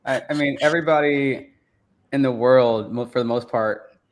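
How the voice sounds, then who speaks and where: Jokey man co-host, mid pitch. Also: steady tone, normal speed, a little hiss or hum. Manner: jokey, mocking asides. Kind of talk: casual podcast conversation.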